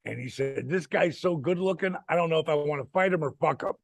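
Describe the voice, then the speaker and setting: A man's voice: on the high side, fast talker, creaky, no echo. A man in his sixties telling a wrestling-road story in a casual chat, acting out the people he quotes and swearing freely. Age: 60s. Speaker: retired wrestler telling stories.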